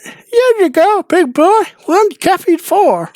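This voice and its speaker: Man in falsetto as a cheery coffee lady. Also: very animated, takes it slowly, a little mellow, no echo, clean studio sound, heavily acted. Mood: flirty. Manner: high, breathy falsetto, drawn out. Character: cheery woman serving coffee at a station. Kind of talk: let's play commentary with voiced game lines.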